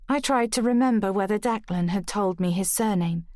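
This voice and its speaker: A woman narrating a first-person mystery audiobook in a steady, even manner. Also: medium pitch, moderate pace, hardly any pauses, no echo, clean studio sound.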